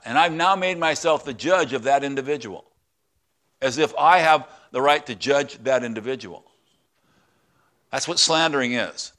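Preaching with a voice on the high side, this male pastor keeps his sermon conversational. He halts and restarts, occasionally dropping into a hushed, prayerful register.

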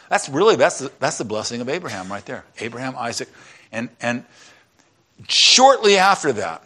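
A man preaching a sermon in a church, retelling a story in an animated way and acting out its characters. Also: medium pitch, normal speed. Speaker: pastor.

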